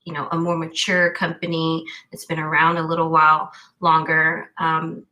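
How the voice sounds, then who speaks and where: Woman guest, cyber risk expert, bright voice, thinks aloud and restarts sentences. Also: low-pitched, monotone, moderate pace, low-quality recording. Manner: thoughtful, many restarts. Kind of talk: casual interview talk.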